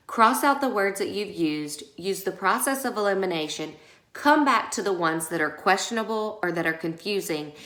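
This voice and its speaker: Lady teacher doing a video lesson, patient, keeps checking in, bright tone, echoey room. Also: medium pitch. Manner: patient, instructive, frequent check-ins. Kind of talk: recorded remote class lesson.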